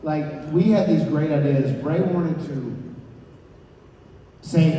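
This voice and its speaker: A man in his forties, a guest on a convention panel, telling animated stories, stumbling over and repeating words, heard from afar in a large hall. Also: mid-range voice, normal speed, dull audio. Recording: echoey hall, distant mic, background noise.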